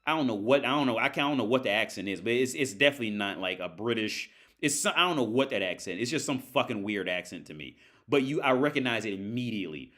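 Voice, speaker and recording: A man's voice: mid-range voice, expressive, fast talker, bright, forceful tone. Rambling, crude livestream host, man. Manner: rambling, crude, full of "like" and restarts. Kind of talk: casual livestream rant. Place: at home by his TV.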